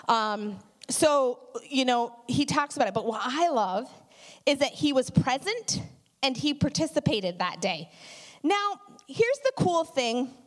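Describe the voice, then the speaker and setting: A middle-aged woman giving a conversational sermon, telling animated stories with many asides. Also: fairly high pitch. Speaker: church speaker.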